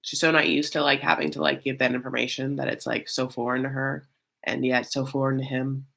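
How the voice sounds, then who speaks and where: Low, gravelly chatty recap host. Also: female voice, flat delivery, a little fast, fairly bright tone. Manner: chatty, filler-heavy, says "honey". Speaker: host recapping a reality show. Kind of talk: casual reaction recap.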